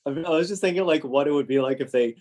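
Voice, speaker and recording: A man's voice: fairly high pitch, a little mellow. A man co-hosting a podcast, telling stories in casual chat with plenty of fillers. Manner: chatty, filler-heavy, quick to agree. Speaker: podcast co-host.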